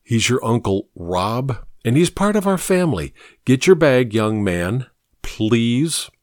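A man's voice: medium pitch, sing-song, slow, darkish tone, dry recording, studio quality. A man voicing an anxious but firm mother in an audiobook, pleading and scolding by turns. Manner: pleading then stern, protective. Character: worried, firm mother, woman in her thirties.

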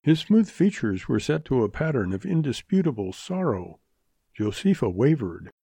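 A man reads a western tale aloud at an even, measured pace, bringing color to the scenes. His voice is dark and husky, recorded close and dry with no room sound. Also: medium pitch, no echo. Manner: measured, expressive. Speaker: narrator. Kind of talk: audiobook story reading.

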